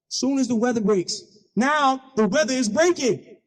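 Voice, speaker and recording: A man giving a keynote speech, telling stories in an animated, playful, slangy way with frequent call-and-response. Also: very high-pitched, measured pace, big-room sound. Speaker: keynote speaker. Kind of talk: storytelling speech.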